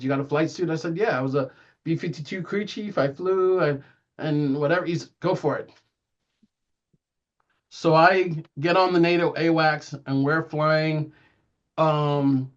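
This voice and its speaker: A middle-aged man giving a guest talk, telling an anecdote with lively delivery and acting out the dialogue in shifting voices, chuckling as he goes. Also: a little high. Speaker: guest speaker. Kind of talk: anecdotal talk to a live audience. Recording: dull lo-fi recording.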